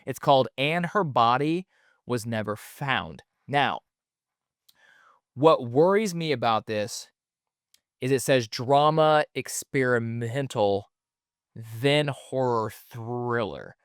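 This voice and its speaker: A man's voice: mid-range voice, expressive, slow, clear, resonant tone, no echo, clean studio sound. A man hosting a solo podcast in a casual, rambling way, with lots of fillers and the odd swear word. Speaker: podcast host.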